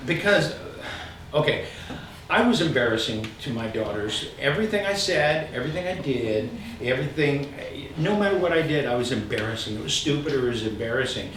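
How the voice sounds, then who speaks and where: A middle-aged man telling funny personal stories on stage, animated and self-mocking, often laughing. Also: medium pitch, a little fast. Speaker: storyteller. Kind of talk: live comic storytelling. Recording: echoey hall, far mic, noisy.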